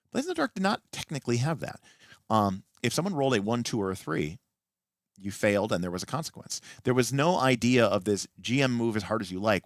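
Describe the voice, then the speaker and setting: A man with a fairly low voice hosting a late-night livestream, animatedly explaining tabletop rules and often restarting mid-sentence. His pitch moves around a lot, and the sound is dry and close. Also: dry recording. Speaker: livestream host and game master.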